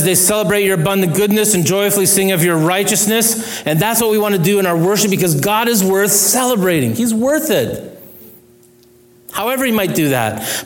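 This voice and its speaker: Middle-aged male pastor, slightly higher pitch; earnest conversational sermon with self-deprecating jokes.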